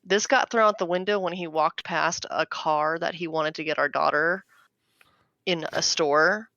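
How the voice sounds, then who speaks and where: A woman in her thirties co-hosts a casual podcast chat, with a gravelly fry running under a bright, tense tone. She tells her story in an animated way. The recording is dry and a little dull and lo-fi. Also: low-pitched, a little slow, no echo. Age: 30s. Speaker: podcast co-host.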